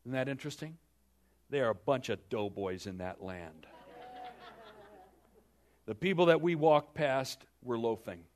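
A man preaching a sermon, telling the story dramatically with joking asides to the congregation, swinging between loud and hushed. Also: medium pitch, animated, measured pace, long pauses. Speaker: pastor.

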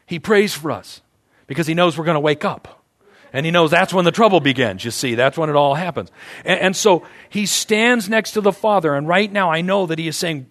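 A man's voice: fairly high pitch, animated, brisk, fairly bright tone. A male pastor preaching a conversational sermon, emphatic and often repeating his words as he builds a point.

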